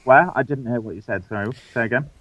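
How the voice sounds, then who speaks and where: A man's voice: medium pitch, a bit bright, dry recording, poor audio. A young man, guest hosting a casual podcast chat, joking, swearing and laughing easily. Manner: jokey, swears, quick to laugh. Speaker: guest host.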